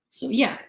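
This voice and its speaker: A young woman hosting a live news stream, talking in a chatty, rambling way with many fillers and frequent laughs. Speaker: news channel host. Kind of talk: casual live-stream commentary. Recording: roomy echo.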